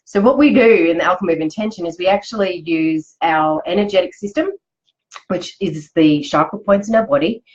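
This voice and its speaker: A woman's voice: lowish voice, fairly quick, muffled recording. A woman, hosting a chatty, upbeat live motivational talk. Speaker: host. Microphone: live video stream.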